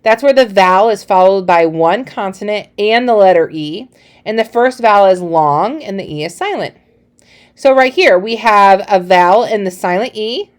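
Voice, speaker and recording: A young woman teaching a recorded phonics lesson, speaking to young children in a chatty, encouraging way and calling them friends. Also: medium pitch.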